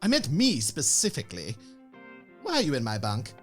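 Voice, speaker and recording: A man's voice: mid-range voice, huge pitch swings, normal speed, soft background music. An actor playing a posh, anxious crewman who frets and frets. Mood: fretful. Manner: posh, fretful. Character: snobbish, anxious male crewman. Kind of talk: comedic audio drama.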